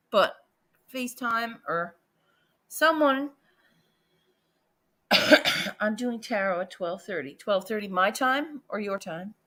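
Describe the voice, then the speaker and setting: A woman hosting a casual livestream, excitable and chatty, jumping from loud exclamations to quiet muttering. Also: mid-range voice, takes it slowly, long pauses. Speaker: livestream host.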